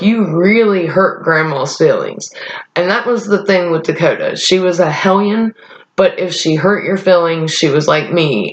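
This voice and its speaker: A young woman vlogger rambling in a casual chat, blunt and profane. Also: lowish voice. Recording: echoey room, dull lo-fi sound.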